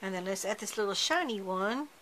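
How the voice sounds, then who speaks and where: A chatty woman talks through a card-making project, breaking off and restarting as her hands stay busy. Her voice is bright and forward. A faint hum of room noise sits behind her. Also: mid-range voice, lively intonation, brisk, poor audio. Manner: chatty, self-correcting while working with her hands. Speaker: card-making tutorial host. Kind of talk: casual craft tutorial narration.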